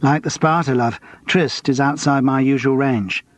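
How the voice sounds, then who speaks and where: A man's voice: medium pitch, steady tone, moderate pace, no echo, natural voice. A man reading an audiobook, voicing a young male escort and out-of-work actor who talks in a breezy, cheeky, gossipy way.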